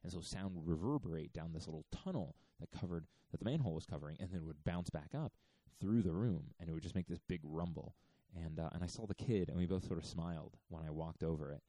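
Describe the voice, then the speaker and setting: A man's voice: sits low, fast, few pauses, mellow, dry recording. A man in his thirties casually telling a story, rambling with lots of fillers. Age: 30s.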